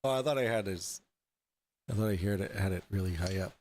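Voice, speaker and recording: A man hosting a casual livestream, drunk and high, rambling and halting over fillers as he talks. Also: darkish tone. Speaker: host.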